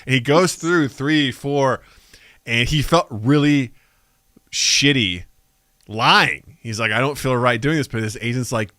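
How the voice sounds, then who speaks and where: A man's voice: mid-range voice, a little slow, sharp tone, no echo, studio quality. A man co-hosting a podcast, telling stories in casual chat and acting out quotes, swearing freely. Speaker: podcast co-host.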